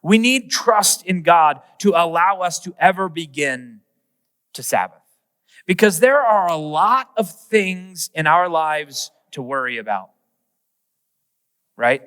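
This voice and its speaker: A male pastor preaching a humorous, animated sermon, acting out little everyday scenes. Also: on the high side, takes it slowly, clear, resonant tone, big-room sound.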